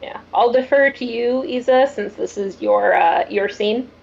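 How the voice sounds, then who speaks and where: Unhurried woman narrating a tabletop game. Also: a little high, vocal fry, a little mellow, muffled recording. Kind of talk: tabletop role-play narration.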